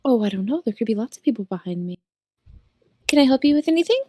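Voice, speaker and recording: A woman's voice: a little high, expressive, fast talker, mellow. A woman player in a tabletop game, talking casually about her moves.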